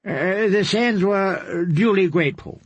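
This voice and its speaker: A man's voice: high voice, measured pace, husky, dry recording, voice pushed up. A man reading an audiobook, voicing an arrogant, mocking young knight with a sardonic drawl.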